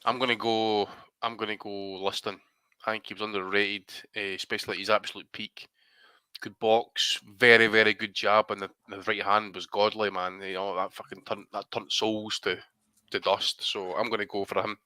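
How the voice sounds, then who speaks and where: A Scottish man on a boxing podcast, swapping stories in loose, swearing banter and breaking into laughter. His voice is bright and forward. It is recorded dry, with no room sound. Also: on the low side, flat delivery, normal speed, clear, resonant tone, no room sound. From Scotland. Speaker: podcast co-host. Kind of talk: casual chat.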